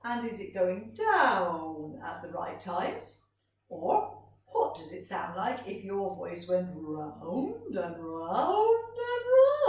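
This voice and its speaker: A woman music teacher leading a gentle, encouraging vocal warm-up lesson for children, in a sing-song way. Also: on the low side, recorded from a distance. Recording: roomy sound from off-mic.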